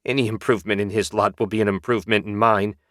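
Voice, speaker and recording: A man's voice: on the low side, fairly even intonation, fast talker, fairly bright tone, dry recording, clean studio sound, close to an everyday voice. A man voicing a bitter, sarcastic male demon servant with a grumbling, whiny manner in an audiobook. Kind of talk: audiobook character voice.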